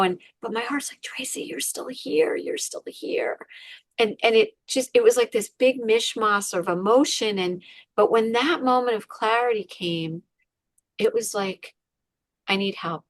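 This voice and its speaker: A woman's voice: on the high side, dry recording. A woman, a podcast guest, candidly retelling a painful personal story with many fillers. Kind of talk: emotional personal story in an interview.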